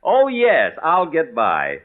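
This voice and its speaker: A man's voice: fairly high pitch, huge pitch swings, slow pace. Exasperated man hosting radio comedy. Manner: exasperated, fussy comic timing. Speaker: comedy show host. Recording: dull noisy old radio broadcast.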